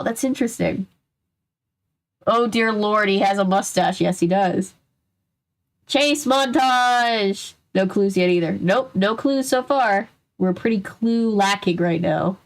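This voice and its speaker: A woman reading a children's mystery book aloud on a stream, breaking off to chat and answer comments. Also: mid-range voice. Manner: chatty, digressive, reads aloud then comments and answers chat. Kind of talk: casual read-aloud with chat.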